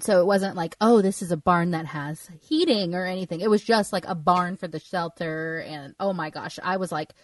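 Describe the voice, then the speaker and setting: A chatty woman co-hosts a podcast, telling stories in a relaxed way. She laughs easily. The sound is dry, and her voice sits a little back from the mic. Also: lowish voice, moderate pace, few pauses, no echo, far from the mic. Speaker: podcast co-host. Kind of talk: casual podcast chat.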